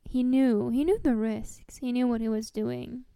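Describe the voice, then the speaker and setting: Earnest woman player, mellow tone, dry close sound. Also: on the high side, steady tone, unhurried, smooth, dry recording. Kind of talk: playing a character in a tabletop game.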